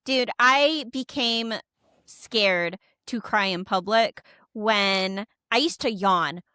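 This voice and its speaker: A young woman co-hosts a podcast in candid, easygoing chat, her voice bright and clear. She speaks into a dry, close microphone, with no room sound around her. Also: medium pitch, slow, dry recording. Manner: chatty and candid, swears casually. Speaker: podcast co-host. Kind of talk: casual chat.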